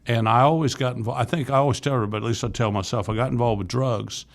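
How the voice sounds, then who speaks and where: Very fast and gravelly, this mid-range male voice belongs to a Florida man in his sixties, a youth ministry leader appearing as a podcast guest. He tells his life story earnestly and candidly in casual interview style, often restarting his sentences.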